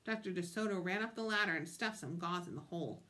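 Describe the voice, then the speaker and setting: A woman's voice: lowish voice, a little fast, hardly any pauses, sharp tone. A woman reading a picture book aloud with expression, stopping to ask her listeners questions. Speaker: storytime reader.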